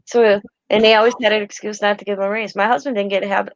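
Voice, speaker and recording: A woman's voice: medium pitch, little pitch movement, quick pace. A middle-aged woman hosting a casual crafting chat, rambling through family stories and correcting herself as she goes. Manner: rambling, self-correcting storyteller. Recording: dry, slightly muffled.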